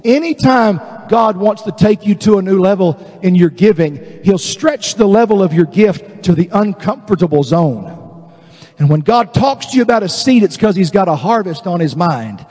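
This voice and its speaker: A man, preaching a lively sermon to a congregation as a guest speaker. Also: sits high, normal speed. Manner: animated preaching, swings from quiet to loud with laughs. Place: church service. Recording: long reverb of a church hall.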